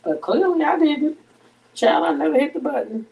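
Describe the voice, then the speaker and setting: A middle-aged woman talks bluntly and profanely on a casual home live stream, cooking while she talks. Her voice sits a little high. She stands a bit back from the phone, so the voice sounds somewhat distant. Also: animated, moderate pace, vocal fry, mellow. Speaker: livestream host. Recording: voice a bit off-mic.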